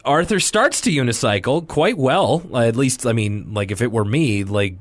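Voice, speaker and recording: A man's voice: mid-range voice, normal speed, no echo. Rambling young man with dry sound. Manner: rambling, joking, animated quoting. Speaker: podcast co-host. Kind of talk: casual chat recapping a cartoon.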